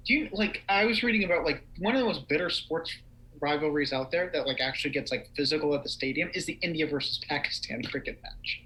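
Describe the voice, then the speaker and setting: A young man co-hosting a casual livestream chat, animated and rambling with lots of fillers. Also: a little high, fast, poor audio. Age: young adult. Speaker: podcast co-host.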